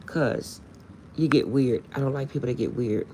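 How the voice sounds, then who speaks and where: A woman's voice: very deep voice, normal speed, noisy background. A woman chatting casually on a late-night live stream, laughing often and insisting she is serious.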